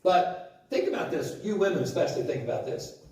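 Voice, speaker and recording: A male preacher delivers his sermon in a plain, conversational way, putting questions to the congregation. His voice sits a little high. The sound rings around a very reverberant church hall and reaches the mic from some distance. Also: lively intonation, a little fast, darkish tone. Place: church sanctuary.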